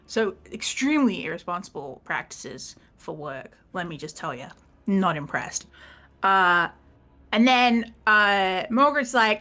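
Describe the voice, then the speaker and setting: A woman with a bright, forceful, mid-range voice walks through what happened last session in a tabletop game. It's a loose, rambling recap peppered with laughter and swearing as she quotes the characters.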